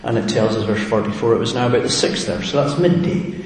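Low-voiced preacher in an echoing hall. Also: male voice, quick pace. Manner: reflective, asks the listeners questions. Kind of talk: sermon. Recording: echoey hall with long reverb, faint noise.

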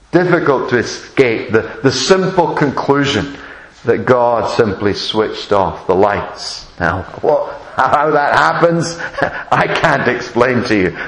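A man preaching a sermon in a slow, measured and reflective way, often restarting phrases. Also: mid-range voice. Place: church. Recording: echoey room.

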